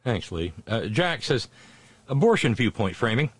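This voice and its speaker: A man's voice: medium pitch, sing-song, moderate pace, slightly rough, no room sound. A male talk show host reading out listener messages and commenting on them in a conversational way, with many filler sounds and blunt, sardonic remarks.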